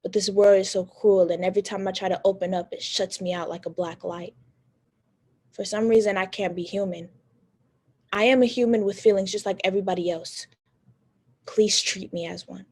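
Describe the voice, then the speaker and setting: Teen girl doing a heartfelt stage monologue, mid-pitched and steady. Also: moderate pace. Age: teens. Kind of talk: personal monologue.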